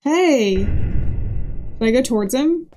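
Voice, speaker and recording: A woman's voice: sits high, expressive, takes it slowly, mellow, a little hiss or hum. A young woman giving jumpy, joking commentary as she plays a horror game and reads its dialogue aloud. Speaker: gaming video creator. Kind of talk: let's play commentary.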